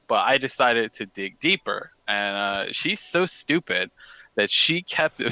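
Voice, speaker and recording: A man's voice: mid-range voice, sharp tone, no room sound, poor audio. A man on a stream, chatty and boastful, telling a long story in a loose, profane way.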